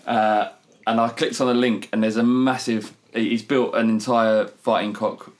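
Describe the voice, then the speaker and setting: Laid-back swearing podcast host. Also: male voice, lowish voice, flat delivery, moderate pace. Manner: loose, swearing, laughing. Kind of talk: casual banter.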